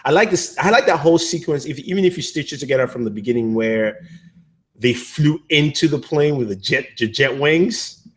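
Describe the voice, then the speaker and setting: A man's voice: fairly high pitch, expressive, moderate pace. A man co-hosting a casual movie review chat, rambling with many fillers and restarts. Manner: acts out characters' lines in quotes.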